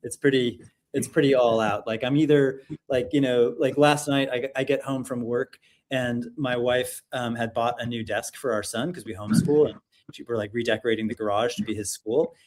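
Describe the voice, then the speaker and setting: An upbeat man in his thirties hosts a casual online showcase, rambling cheerfully and filling gaps with ums and likes. His voice sits at an ordinary middle pitch, with a faint hiss of noise under the video-call audio. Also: fairly even intonation, moderate pace, darkish tone. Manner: upbeat, rambling, filler-heavy. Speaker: livestream showcase host. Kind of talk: casual online livestream hosting.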